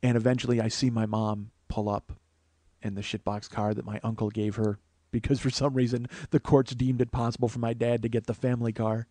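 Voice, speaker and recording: Brief: forties male comedian, mid-pitched, casual swearing storyteller, dry studio sound. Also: fairly quick, dry recording. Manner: profane, conversational, animated quotes. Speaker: podcast host, comedian. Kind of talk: personal storytelling.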